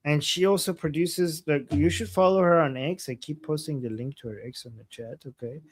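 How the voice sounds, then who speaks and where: A man's voice: on the high side, fairly even intonation, a little fast, slight background noise. A man co-hosting a live stream in casual chat, rambling and restarting his sentences with lots of "like.". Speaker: co-host of a live analysis stream.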